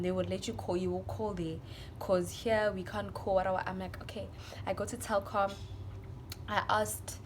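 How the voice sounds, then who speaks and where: A young woman with a South African accent tells a storytime vlog to her viewers in an emotional, animated way. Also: mid-range voice, a little hiss or hum. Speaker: vlogger.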